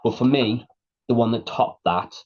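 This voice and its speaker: A man's voice: medium pitch, moderate pace, darkish tone, highs cut off. A man in his late thirties co-hosting a podcast, chatting casually and telling stories with animation. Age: late 30s. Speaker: podcast co-host. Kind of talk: casual chat.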